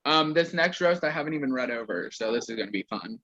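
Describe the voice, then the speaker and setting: A man's voice: medium pitch, animated, quick pace, pushed and bright, highs cut off. A young man casually reading roasts aloud to a group on a call, stumbling over words and laughing.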